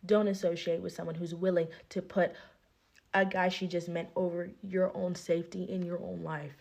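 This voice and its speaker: A woman's voice: lowish voice, flat delivery, normal speed, gravelly, a little mellow. A woman in a viral clip telling a story in a casual storytime, blunt and indignant.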